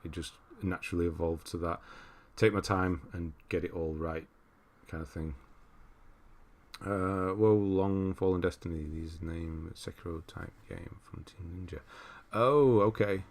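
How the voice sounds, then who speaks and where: A man's voice: deep voice, fairly even intonation, measured pace. A man hosting a livestream, casually rambling as he reads out viewer comments and answers them. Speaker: livestream host.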